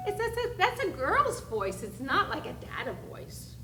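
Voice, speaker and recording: A woman's voice: high-pitched, moderate pace. A woman piano teacher giving a masterclass, coaching a student and singing along with the playing. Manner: animated, sings and counts along with the playing. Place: recital hall. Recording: echoey hall with loud piano.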